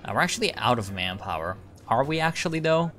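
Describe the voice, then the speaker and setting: A man's voice: medium pitch, sing-song, fast, fairly bright tone, faint music behind. A man giving casual, rambling commentary on his strategy gameplay, thinking aloud and restarting sentences. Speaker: gaming video creator.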